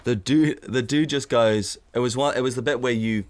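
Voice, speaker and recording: A man's voice: medium pitch, normal speed. A man co-hosting a casual podcast, telling anecdotes animatedly, acting out quotes and swearing freely. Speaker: podcast co-host. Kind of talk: casual chat, storytelling.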